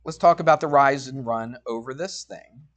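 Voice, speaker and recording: A man's voice: mid-range voice, moderate pace. Chatty middle-aged male math teacher. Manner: chatty, storytelling, asks frequent check-in questions. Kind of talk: classroom lecture with a personal story. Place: classroom.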